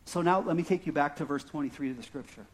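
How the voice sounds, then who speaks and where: A pastor with an Arizona accent preaches a sermon in a conversational, self-deprecating style, frequently checking in with "right?" and "okay?" His voice is a little high and he talks fast.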